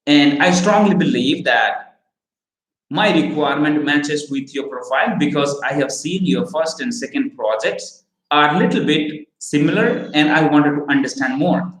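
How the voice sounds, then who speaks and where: A man teaching recruiters in a slow, emphatic lecture, often checking in with "okay?" and "right?". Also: on the high side, a bit bright. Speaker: recruiting trainer. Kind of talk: training lecture. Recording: roomy echo.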